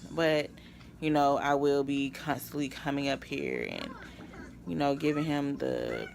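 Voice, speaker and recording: A woman's voice: extremely low pitch, expressive, unhurried, creaky, darkish tone, slight background noise. A young woman, worn out from lack of sleep, rambling through a casual vlog update with sighs. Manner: tired, rambling, with sighs and yawns. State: exhausted from no sleep. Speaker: vlogger.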